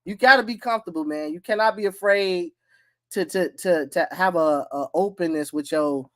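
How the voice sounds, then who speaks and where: Loud, profane man on a podcast. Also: sits high, normal speed, no echo. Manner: loud, profane, animated storytelling. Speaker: podcast host. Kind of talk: casual chat.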